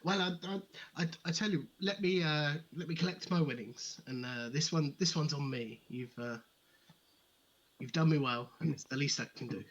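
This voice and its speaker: A man's voice: fairly high pitch, normal speed, a bit bright, lo-fi sound. An actor playing a fussy, polite nobleman who stammers and restarts his sentences. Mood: genteel. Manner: stammering, restarts, genteel phrasing.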